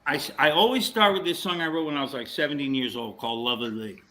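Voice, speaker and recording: A man's voice: on the high side, fast, poor audio. A man telling a story in casual chat, acting out what people said to him. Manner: animated storyteller, acts out quotes.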